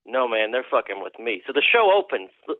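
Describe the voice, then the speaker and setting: A man's voice: mid-range voice, sing-song, brisk, no echo. Man, phone-line guest, swearing storyteller, tinny dry sound. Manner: profane, rambling storyteller. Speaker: country musician guest. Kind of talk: casual phone interview. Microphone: phone call.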